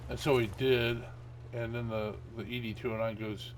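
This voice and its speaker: A middle-aged man chatting casually while he plays, rambling through stories with plenty of ums and little chuckles. His voice sits at an ordinary pitch, with faint game ambience underneath. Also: level tone, moderate pace, a little hiss or hum. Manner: rambling, chuckling, many fillers. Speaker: gaming channel host. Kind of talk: casual gameplay commentary.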